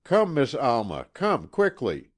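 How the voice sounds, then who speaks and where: A man voicing a gentle, anxious woman servant in an audiobook, with a pleading manner. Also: low-pitched, big pitch swings, a little slow, heavily acted. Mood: urgent. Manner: pleading, urgent.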